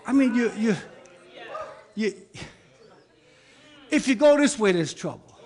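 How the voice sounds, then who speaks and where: A man preaching a sermon, building rhythmic repeated lines up to loud shouts and then falling back to a quiet, reflective tone. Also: high voice, expressive, slow pace, pauses often. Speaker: pastor.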